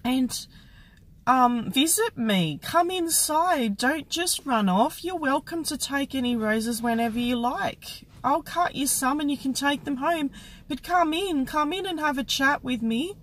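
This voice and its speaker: Gentle elderly woman, warm and reassuring, higher voice, put on by a woman storyteller. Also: animated, unhurried. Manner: soothing, reassuring. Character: kind, gentle old woman with a rose garden.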